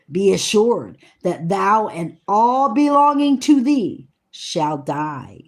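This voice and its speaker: A woman slowly reading scripture aloud, earnest, stumbling over hard names and adding eager comments of her own. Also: a little high. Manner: excited asides about the text. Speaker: Bible reader.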